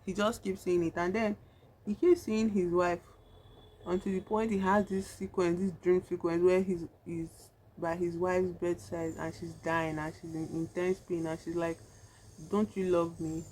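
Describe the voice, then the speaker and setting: A woman's voice: on the low side, little pitch movement, moderate pace, a little mellow, slight background noise. A woman vlogger chatting casually in a rambling way, full of fillers, while she does her makeup. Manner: chatty, rambling, heavy use of "like" and "you know". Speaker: vlogger reviewing a horror film. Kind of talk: casual chat.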